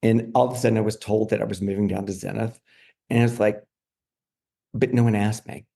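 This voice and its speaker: Brief: middle-aged man, gravelly low voice, a podcast guest recounting his career frankly, lots of casual fillers. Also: fairly even intonation, brisk, mellow. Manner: frequent fillers like "like" and "you know". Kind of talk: candid storytelling in conversation.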